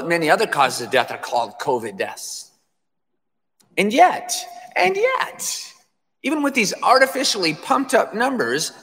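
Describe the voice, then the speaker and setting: Male preacher, emphatic and repetitive, highish lively voice. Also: big-room sound. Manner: emphatic, repeats phrases for effect. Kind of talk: sermon.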